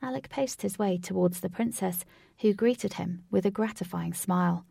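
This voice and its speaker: A woman narrating a storybook in a steady, expressive reading voice. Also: medium pitch, normal speed, creaky, husky, dry recording, clean studio sound. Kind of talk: storybook read-aloud narration.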